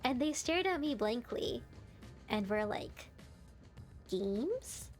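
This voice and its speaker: A young adult woman streamer in casual live-stream chat, telling stories in an animated way and laughing often. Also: fairly high pitch, measured pace, faint music behind.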